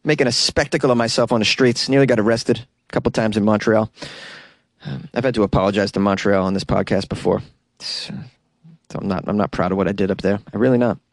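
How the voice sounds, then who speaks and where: A man's voice: fairly low pitch, steady tone, fast, no echo. A young man with a Boston accent hosting a solo podcast from a small closet studio, joking and self-deprecating with frequent laughs. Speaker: podcast host. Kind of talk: casual solo podcast chat.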